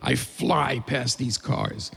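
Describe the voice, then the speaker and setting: A man telling a funny story to a crowd in an animated, playful, self-mocking way. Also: mid-range voice, slow, gravelly, husky, big-room sound. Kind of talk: live comedic storytelling.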